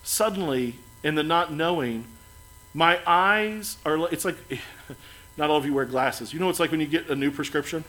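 A man preaching a sermon as pastor, earnest, building to emphatic lines and then dropping soft and quiet. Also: a little high, normal speed, low-quality recording.

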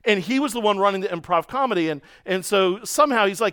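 A man preaching a sermon, telling stories in a lively way and acting out the voices of other people. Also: high-pitched, fast, hardly any pauses, clean tone. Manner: storytelling, animated, mimics voices in quotes. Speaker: pastor.

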